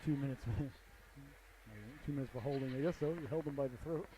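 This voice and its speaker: A man's voice: medium pitch, normal speed, warm tone. A man doing play-by-play for a hockey game, with folksy jokes and frequent asides to the audience. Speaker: play-by-play commentator. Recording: noisy amateur broadcast audio.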